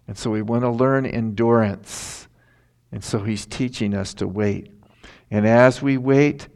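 A man's voice: medium pitch, creaky, a little mellow. A man preaching a sermon in a conversational, folksy way that rises into emphatic passages.

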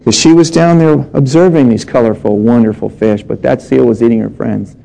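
A man's voice: mid-range voice, fairly quick, gravelly, dark tone, poor audio. A middle-aged male pastor preaching a sermon, reading scripture and telling humorous personal stories.

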